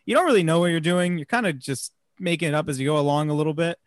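Animated laughing man, dry close sound. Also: on the high side, racing, no echo. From New Jersey. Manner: animated, laughs often, many fillers and restarts. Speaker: podcast co-host. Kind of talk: casual movie discussion.

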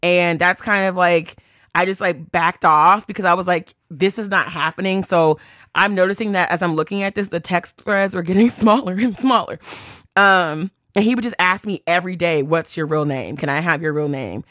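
Low-voiced woman telling a story. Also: moderate pace, dry recording, clean studio sound. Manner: chatty, animated retelling, quotes texts aloud, swears freely. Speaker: podcast host. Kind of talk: casual storytelling.

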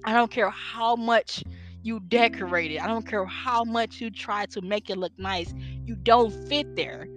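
A woman's voice: on the high side, a little slow, a bit bright. A young woman giving an earnest, faith-based motivational talk, with rhetorical questions and a preacher-like way of speaking. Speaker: inspirational speaker. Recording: guitar music bed under voice. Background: guitar music.

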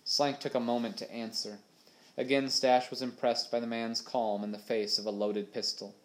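A man reading a children's adventure novel aloud with steady, expressive storytelling. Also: medium pitch, moderate pace. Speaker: audiobook narrator. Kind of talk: storybook narration.

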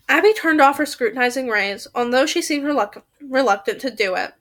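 A woman's voice: sits high, animated, moderate pace, pauses often, a bit bright. A woman reading a novel aloud expressively, with small stumbles and restarts. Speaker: reader.

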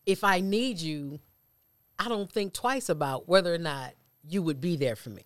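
A man's voice: a little high, normal speed, no echo, clean studio sound. A man co-hosting a casual faith discussion, building his points with preacherly repetition. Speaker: church podcast co-host.

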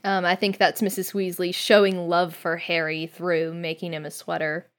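A young woman guest-hosting a podcast, talking in a thoughtful, soft-spoken way with a few fillers. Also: lowish voice, level tone, normal speed. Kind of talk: casual reflective commentary.

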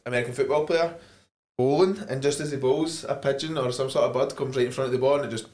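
A man's voice: mid-range voice, fast, darkish tone. Laid-back Scottish man. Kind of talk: casual podcast chat.

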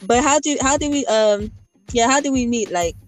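A young woman hosts a casual podcast, teasing her guest and repeating herself for emphasis. Her voice sits a bit high, with soft music playing faintly under the talk. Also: moderate pace. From Baltimore. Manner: playful, teasing, repeats phrases. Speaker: podcast host.

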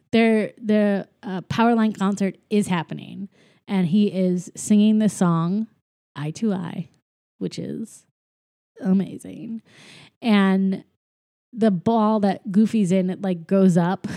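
A woman's voice: mid-range voice, fairly even intonation, slow pace, vocal fry, dark tone, no echo. A woman co-hosting a casual podcast, recapping a movie scene by scene, laughing often and acting out the characters' lines, while coming down with a cold. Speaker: podcast co-host.

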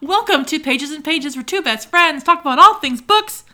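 A young woman riffing with her best friend on a book podcast, giggly and playful. Her voice sits high and swoops widely, with a bright edge. She shares one mic across a table. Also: expressive, moderate pace. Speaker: podcast co-host. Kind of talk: casual chat between friends.

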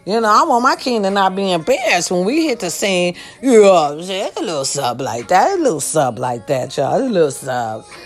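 An older woman giving a loud, sassy, profane pep talk to her followers. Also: fairly low pitch, big pitch swings, a little fast, soft background music. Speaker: vlogger.

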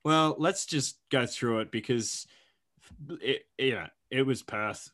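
A young man, talking at an ordinary pitch. He co-hosts a sports podcast in a loose, joking way, piling up "like" and "you know" as he rattles through scores and stats. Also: takes it slowly. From Australia. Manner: animated, joking, rattles off stats with lots of fillers. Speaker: podcast co-host. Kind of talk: casual sports podcast chat.

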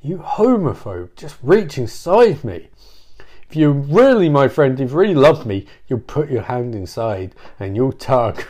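A man's voice: mid-range voice, big pitch swings, measured pace, mellow. A man voicing a melodramatic male Frankenstein monster who pleads in a mock-solemn way. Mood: pleading.

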